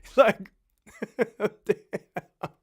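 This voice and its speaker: A man's voice: sits high, very slow, husky. A man in his fifties, a former prison officer, telling profane stories with lots of laughter on a casual live stream. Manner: profane, laughing, animated storyteller.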